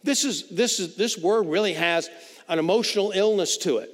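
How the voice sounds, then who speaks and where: A man's voice: high voice, normal speed. A pastor preaching a sermon in a conversational way, often repeating words as he builds his points. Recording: long reverb of a large hall.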